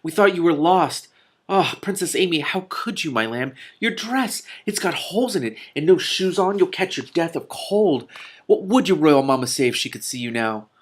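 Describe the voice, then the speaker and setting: A man's voice: on the high side, expressive, moderate pace, pitched above the performer's own voice. A man reading aloud, voicing a flustered, stout old nurse who gushes and frets. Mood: fretful gushing. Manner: fussy, gushing, breathless.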